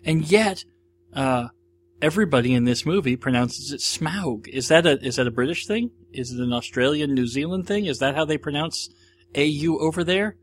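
A man's voice: on the high side, expressive, moderate pace, slight background noise. An American man hosting a podcast, talking through movie reviews in a rambling, enthusiastic, casual solo monologue. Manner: rambling, enthusiastic, chatty with many restarts. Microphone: audio-only recording, no video.

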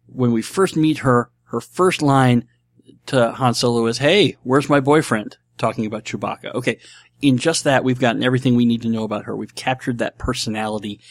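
A man's voice: mid-range voice, no room sound. A man from Nebraska hosting a casual solo podcast, enthusiastic and rambling, often repeating himself. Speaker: podcast host.

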